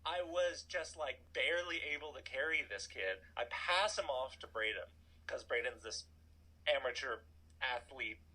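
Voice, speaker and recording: A man in his thirties telling a personal story in a casual, animated way, full of "like" and asides. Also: mid-range voice, moderate pace, rough recording. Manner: animated, chatty, filler-heavy "like". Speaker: storytelling guest.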